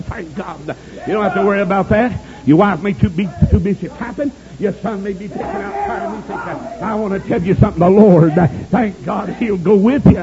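Fervent male preacher, high voice, lo-fi church recording with congregation. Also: animated, moderate pace, a crowd in the background. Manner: fervent, shouts praise, folksy storytelling. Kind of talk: sermon.

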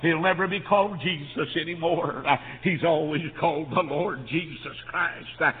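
A man preaching a revival sermon, telling stories that rise into shouted climaxes. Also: fairly high pitch, moderate pace, a little hiss or hum. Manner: storytelling, building to shouted climaxes. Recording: tinny lo-fi recording in a reverberant hall.

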